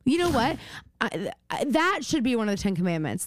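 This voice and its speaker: A woman's voice: a little high, very animated, moderate pace, dry recording, clean studio sound. A young woman co-hosting a podcast in casual chat, ranting animatedly and swearing often. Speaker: podcast co-host.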